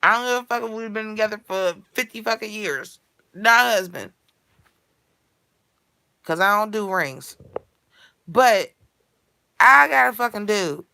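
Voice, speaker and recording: A woman delivering a blunt, foul-mouthed comedic rant in streetwise slang that builds to shouting. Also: mid-range voice, a little slow, long pauses, clear, resonant tone, no echo. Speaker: character monologue performer.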